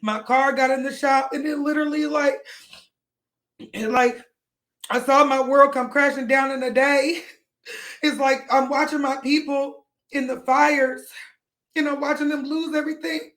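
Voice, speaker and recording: A woman's voice: high voice, fairly even intonation, moderate pace, long pauses, a bit bright. A young woman talking to her viewers on a livestream, tearful with her voice breaking, rambling and pleading. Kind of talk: emotional livestream talk to viewers.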